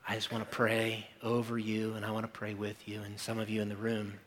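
A male pastor giving a sermon in a church service, with slow, emphatic, pleading phrasing and repeated lines. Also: fairly low pitch, monotone, slight background noise.

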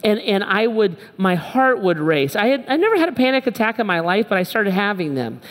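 A man's voice: high voice, big pitch swings, fairly quick, a bit bright. Pastor, middle-aged man: frank, emphatic sermon delivery with repeated phrases, recorded in a big echoing hall. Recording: long reverb from a large hall.

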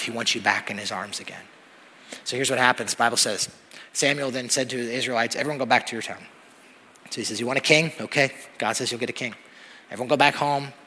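Male pastor, forceful and slightly husky, animated sermon delivery, long reverb of a big hall. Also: medium pitch. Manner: animated storytelling, rising to loud emphatic peaks.

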